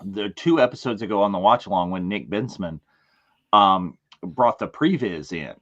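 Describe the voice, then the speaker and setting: A man co-hosting a casual online panel discussion, talking in an animated, rambling way with frequent restarts. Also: on the low side, moderate pace, muffled recording. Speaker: podcast co-host.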